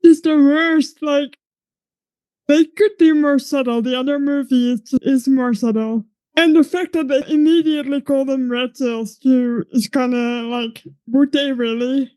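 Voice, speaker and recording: A woman's voice: high-pitched, steady tone, measured pace, dark tone, no echo. A woman co-hosting a casual film review podcast, giving wry comments on the movie. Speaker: podcast co-host.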